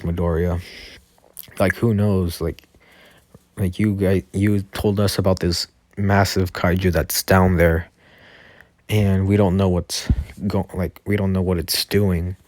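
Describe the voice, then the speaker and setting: Nezu, a calm school head, told by a man. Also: unhurried, no room sound. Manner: low-key, hesitant, with many fillers. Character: calm, persuasive male head of a school and defense force. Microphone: Discord voice chat.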